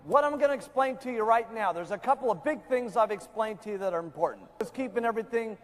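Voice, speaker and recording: A man's voice: sits high, animated, fast. A man giving a motivational sales seminar talk to distributors, emphatic and repetitive, heard in a reverberant hall. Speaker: company founder speaking to distributors.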